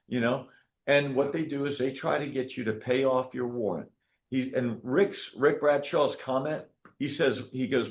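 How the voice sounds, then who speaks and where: A man in his sixties, a county clerk, telling stories to a meeting in an animated way and often checking in with "okay?". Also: mid-range voice, moderate pace, highs cut off. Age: 60s. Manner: animated storytelling, frequent "okay?" check-ins. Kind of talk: public meeting talk.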